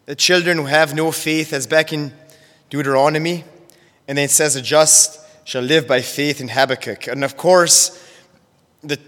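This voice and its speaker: A man teaching a sermon on Bible verses, measured and careful, often repeating and restarting phrases as he explains. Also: fairly high pitch, bright, forceful tone. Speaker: preacher. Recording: long hall reverb.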